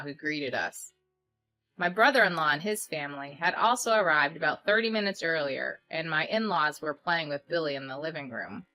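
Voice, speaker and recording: A woman narrating a story in the first person with steady recounting. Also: sits low.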